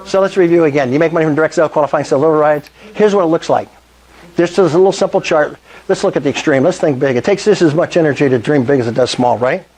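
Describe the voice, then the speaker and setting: His voice leans high and a little mellow as this older man delivers an enthusiastic sales presentation at a meetup. He keeps the live audience involved by often putting questions to them.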